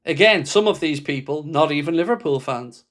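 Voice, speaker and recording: Male stream host, fairly high-pitched, blunt and impassioned, swears freely while answering viewer comments. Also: animated, moderate pace, a bit bright. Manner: reads viewer comments aloud and answers them. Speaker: football fan channel host. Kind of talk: livestream reaction chat.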